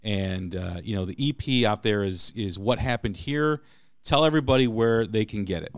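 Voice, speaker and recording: Podcast host, male, lowish smooth voice, dry close sound, chatty interviewer. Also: normal speed, no echo. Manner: chatty, animated storyteller. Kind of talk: casual interview chat.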